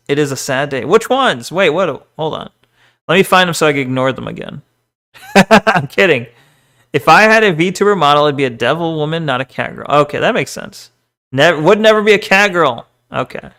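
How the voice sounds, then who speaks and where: A man's voice: on the high side, a bit bright, clean tone. A young man streaming, casually chatting with his viewers in a jokey, self-deprecating way, swearing and laughing often. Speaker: VTuber streamer. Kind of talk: casual chat reading stream chat.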